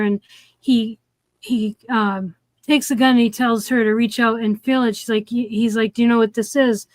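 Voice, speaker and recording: Woman kinda high voice just walking thru the movie plot, lots of um and like, super dry close mic. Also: darkish tone, no echo. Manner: rambling, lots of "like" and "um", restarts. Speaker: co-host of a movie review stream. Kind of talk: casual chat retelling a film plot.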